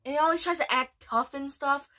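A woman vlogger talks casually while ranking TV shows, rambling and restarting her sentences often. Her high-pitched voice is brisk, bright and forceful.

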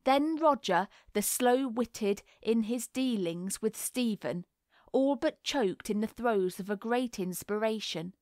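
A woman narrating a classic novel as an audiobook in a measured, unhurried reading. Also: a little high, animated, darkish tone, dry recording, studio quality.

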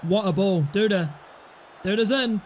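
A young man commentating his own football gameplay, excitable, yelling and swearing at the game. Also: high-pitched, measured pace, slight background noise. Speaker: gaming YouTuber.

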